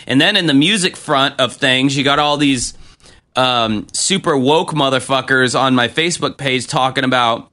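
Bright-voiced man ranting casually. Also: medium pitch. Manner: profane, ranting, fast and animated. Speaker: podcast co-host. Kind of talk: casual chat.

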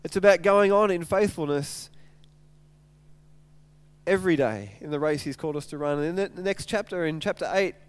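A man's voice: on the high side, normal speed, long pauses, clear, resonant tone. A man preaching a sermon, retelling scripture in casual everyday language with lots of stumbles and repeated words. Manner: animated storytelling, retelling scripture in casual speech. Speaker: pastor.

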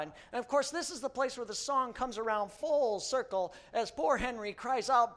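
A male pastor delivers a bilingual sermon, telling a story and repeating each point in a second language. His voice is very high-pitched and fairly bright, at normal speed with few pauses.

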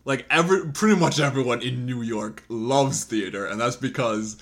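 Man, podcast co-host, mid pitch, reflective, teasing. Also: normal speed, fairly bright tone. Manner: reflective, prone to tangents, teasing. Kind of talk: casual chat about movies.

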